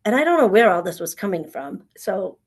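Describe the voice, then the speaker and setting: A middle-aged woman from New telling her personal story as a guest, acting out past conversations in an animated way. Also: mid-range voice, a little fast, husky.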